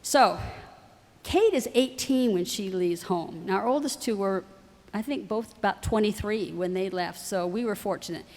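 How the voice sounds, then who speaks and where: A middle-aged woman, a university president's wife, telling lively family stories to an audience and acting out the voices of the people in them. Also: medium pitch, moderate pace. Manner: animated, acts out quoted voices. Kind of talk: storytelling talk to an audience. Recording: reverberant hall.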